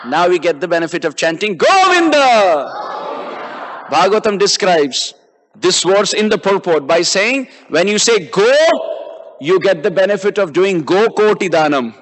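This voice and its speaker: A man's voice: high-pitched, moderate pace. A man giving a devotional sermon as a visiting preacher in a temple hall, chanting verses and drawing out syllables.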